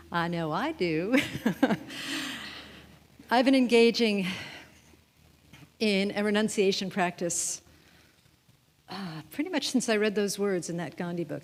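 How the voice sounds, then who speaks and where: A woman minister preaches in a chatty, playful way, tossing questions to the congregation and laughing along. Her voice sits at a middling pitch. The long reverb of a church hall trails behind her words. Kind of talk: sermon. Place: church sanctuary.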